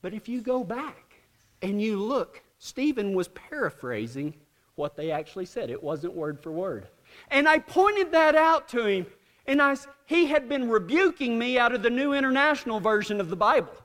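A man's voice: very high voice, sing-song, normal speed, fairly bright tone, long reverb tail. A man preaching a sermon, animatedly acting out both sides of an argument as he tells the story.

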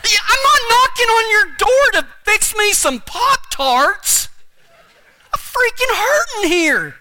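A man voicing his own younger self in pain, pleading in a high, strained, frantic voice. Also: sing-song, takes it slowly, bright, forceful tone, heavily acted.

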